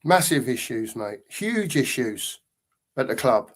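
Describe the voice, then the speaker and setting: A man's voice: mid-range voice, sing-song, a little slow. A man in a casual football fan chat, rambling and thinking aloud with fillers.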